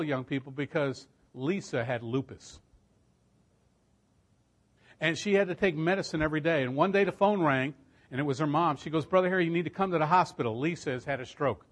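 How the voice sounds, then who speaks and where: A middle-aged man preaching a storytelling sermon, emphatic and swelling louder at key points. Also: fairly high pitch.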